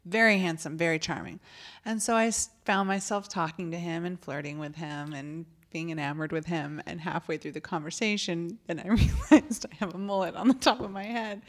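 Animated woman telling a story. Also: on the low side, moderate pace. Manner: animated storyteller, laughs while talking. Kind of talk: casual anecdote.

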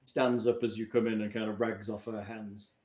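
A man's voice: lowish voice, flat delivery, moderate pace, darkish tone, echoey room. Laid-back man running a tabletop game. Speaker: game master. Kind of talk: narrating a tabletop game and casual chat.

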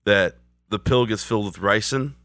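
A man co-hosting a podcast, chatting and speculating about a TV episode in a relaxed way. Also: lowish voice, moderate pace, no echo. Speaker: podcast co-host. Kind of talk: casual episode discussion.

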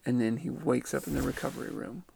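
A man's voice: medium pitch, fast talker, gravelly, a little mellow, slight background noise. A man retelling and reflecting on someone's near-death account in a musing, tentative way. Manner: musing and tentative, often unsure. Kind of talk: reflective spoken commentary.

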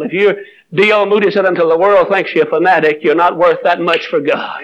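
An older preacher with a drawl delivers a revival sermon in a high, ringing voice. He tells his stories plainly, then climbs into fervent exhortation. The recording is muffled and dull, like an old sermon tape. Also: steady tone, brisk, a crowd in the background. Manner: storytelling, rising into fervent high-pitched preaching.

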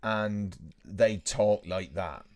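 A man's voice: on the low side, drawn-out words, a little mellow. A man co-hosting a casual podcast chat, musing aloud in a rambling way.

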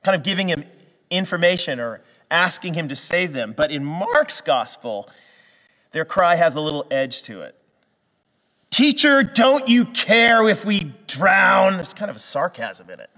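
A man's voice: fairly high pitch, big pitch swings, moderate pace, fairly bright tone, in a large hall. A man from western Canada preaching a sermon in a conversational way, with restarts and fillers that build to emphatic peaks. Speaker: pastor.

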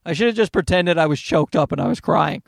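A man's voice: a little high, fast, vocal fry, dry recording, studio quality. A man, hosting a casual solo podcast and telling rambling, profane, self-mocking stories with lots of restarts. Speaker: podcast host.

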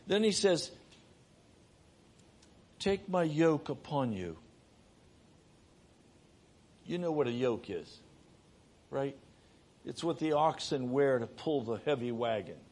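A middle-aged man preaching a sermon, moving between raised, urgent delivery and hushed, soft passages. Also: mid-range voice, lively intonation, slow, pauses often, breathy edge.

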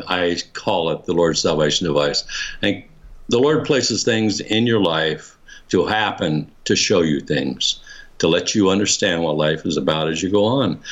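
An older man with a very deep voice tells a personal story in a relaxed, rambling way. He restarts his sentences often and chuckles as he goes. The recording sounds dull and lo-fi. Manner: rambling, many restarts, chuckles while telling. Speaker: interviewee. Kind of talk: casual storytelling.

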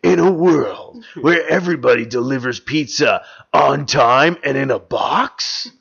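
A man voicing a male movie-trailer narrator in a slow, dramatic announcer style, recorded with dull lo-fi sound. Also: mid-range voice, creaky, fairly bright tone, breathy edge, full character voice.

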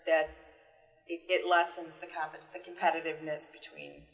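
A woman co-host on a chatty talk show, speaking earnestly and handing out advice. Her voice sits a little low. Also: little pitch movement, normal speed, long reverb tail, faint music behind. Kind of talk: casual chat.

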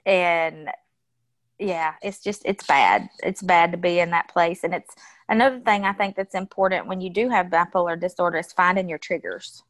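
A woman with a fairly low voice talks at a normal speed as a guest on a podcast. It's a casual interview chat, and she's blunt and outspoken, swearing freely.

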